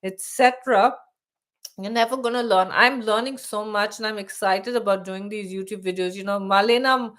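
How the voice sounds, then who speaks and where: A woman's voice: mid-range voice, steady tone, normal speed, a bit bright. A middle-aged woman hosting her own channel in a casual live stream, chatty with many restarts, her voice wearing thin. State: losing her voice. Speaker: YouTube channel host. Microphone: live stream setup.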